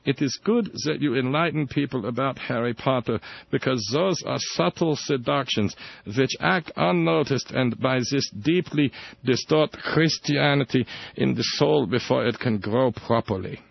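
A solemn old churchman, as a man puts him on, reading slowly and in a hush. The sound is dull and lo-fi. It is dry and close, with no room around the voice. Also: mid-range voice, vocal fry, dry recording. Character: elderly German cardinal reading a letter, solemn. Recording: dull dry radio broadcast.

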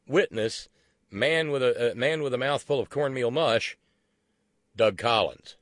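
A man's voice: mid-range voice, a little slow, no room sound, clean studio sound. A man hosting a political talk radio show, sarcastic and profane, who stumbles into restarts.

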